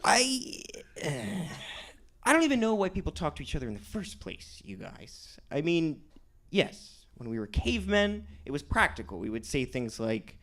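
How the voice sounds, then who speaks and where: Sardonic man doing stand-up, lively pitch. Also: normal speed. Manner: sardonic, self-described cynic. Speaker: comedian. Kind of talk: stand-up set.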